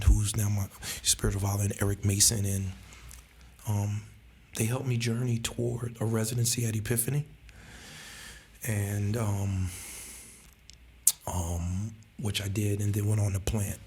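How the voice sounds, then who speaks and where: Male pastor, low gravelly voice, animated storyteller, faint hiss behind. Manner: animated storyteller who acts out quoted voices and laughs often. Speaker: pastor and church planter. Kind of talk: storytelling in a podcast conversation.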